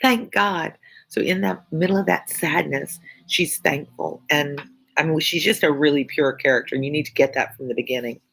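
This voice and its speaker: A woman's voice: low voice, steady tone, fairly quick, creaky, a bit bright, husky, low-quality recording. A woman teacher reading a classic novel aloud and breaking in with earnest, informal comments. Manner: earnest, informal asides between passages. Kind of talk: read-aloud lesson with commentary.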